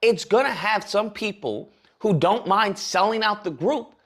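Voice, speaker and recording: A man's voice: high voice, measured pace, fairly bright tone. A man giving heated, sarcastic commentary on a livestream, ranting at length. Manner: heated, sarcastic, speaks in long rants. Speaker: political commentator.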